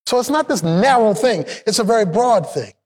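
A pastor preaching a sermon, swinging between shouted, emphatic peaks and low asides, and having the congregation repeat his lines back. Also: expressive, a little fast. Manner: call-and-response, has the congregation repeat lines.

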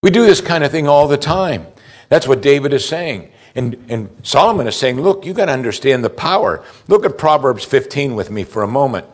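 A man's voice: mid-range voice, animated, fairly quick. Man preaching a sermon, asking pointed questions. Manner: asks the congregation pointed questions; reads scripture aloud between remarks. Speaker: pastor.

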